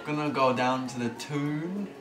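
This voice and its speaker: A man's voice: medium pitch, measured pace, echoey room, far from the mic, over music, lightly acted. A man putting on a Geordie accent as a rowdy northern English lad, speaking in brash exclamations. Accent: Geordie put-on.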